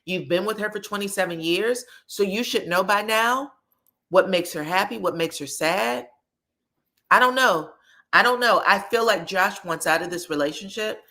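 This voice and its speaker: A woman's voice: medium pitch, normal speed, pushed and bright. A woman hosting a podcast, recapping a reality show in blunt, sassy casual commentary. She swears freely and acts out the quoted lines dramatically.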